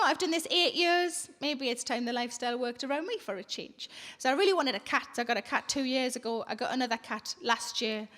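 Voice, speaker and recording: High-voiced, sweary woman comic. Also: fairly bright tone. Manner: blunt, sweary, conversational storytelling. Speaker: stand-up comedian. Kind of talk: live stand-up comedy. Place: theatre stage, live audience.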